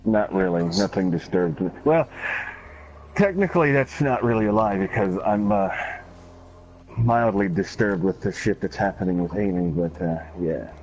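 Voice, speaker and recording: A man's voice: sits low, normal speed, a little mellow, soft background music. A man hosting a gaming channel, who tells rambling stories in casual chat and swears freely. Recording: dull lo-fi stream recording with faint noise.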